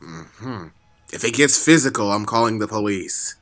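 A man bantering casually as co-reader, with teasing, deadpan interjections. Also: on the low side, normal speed.

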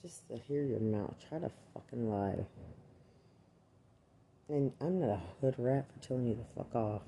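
A man's voice: medium pitch, normal speed, dark tone, slight background noise. A man and army veteran delivering an angry, accusatory rant full of swearing. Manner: furious, accusatory, swears constantly.

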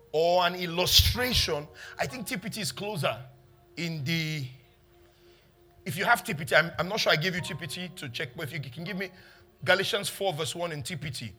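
A man preaching a sermon as pastor, emphatic, with loud exclamations between quieter teaching in a church. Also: on the high side.

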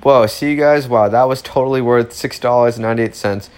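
A man voicing an excitable, awkward lovesick boy who talks loud and eager. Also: mid-range voice, brisk, smooth, natural voice. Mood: excited.

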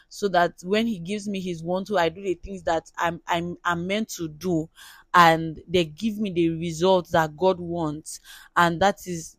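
Nigerian-accented solo podcast host, earnest and repetitive, even pitch, dry close sound. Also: no room sound. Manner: earnest, repeats words while gathering thoughts. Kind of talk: solo faith podcast monologue.

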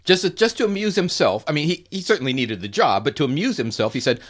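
A man co-hosting a chatty podcast, his pitch swinging widely as he talks. He rambles, restarts his sentences and laughs often. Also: sing-song, fast talker, a bit bright. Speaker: podcast co-host. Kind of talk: casual chat.

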